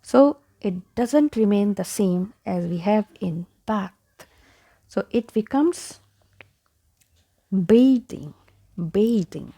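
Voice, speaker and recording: Slow-paced woman teaching pronunciation, gravelly. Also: medium pitch, animated, warm tone, no echo, studio quality. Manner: slow, repeats each word several times, drops to whispers. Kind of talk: online pronunciation lesson.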